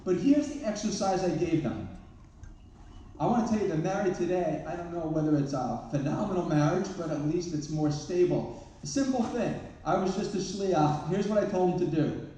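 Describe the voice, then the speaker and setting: A man with a warm, somewhat high voice speaks at a moderate pace during a humorous live talk. He's a therapist and parenting speaker telling self-deprecating stories in a large event hall, recorded from a distant mic amid echo.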